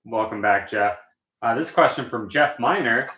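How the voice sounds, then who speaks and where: A man making casual small talk in a contest, slow and hesitant, reading out viewer questions. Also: medium pitch, expressive, sharp tone, reverberant. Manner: drawn-out, hesitant, reads viewer comments. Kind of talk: casual banter.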